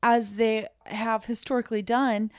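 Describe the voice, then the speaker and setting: A woman co-hosting a podcast in loose, casual chat, rambling in quick bursts and laughing between thoughts. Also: fairly high pitch, little pitch movement, no echo, clean studio sound. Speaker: podcast co-host.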